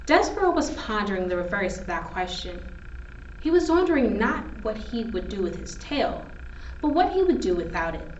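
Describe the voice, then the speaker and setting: A woman teacher reads a children's storybook aloud in a lively voice that rises and falls. She sounds far off in an echoey room, and the dull recording carries a faint hiss. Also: medium pitch, normal speed. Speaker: fourth grade teacher. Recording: distant roomy lo-fi recording with faint noise.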